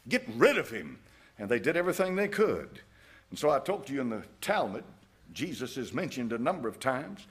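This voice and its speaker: Man, preacher, sermon, very animated pitch, mid-range voice, folksy, emphatic. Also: normal speed. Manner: folksy, emphatic, given to chuckling at his own jabs. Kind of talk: fiery evening sermon.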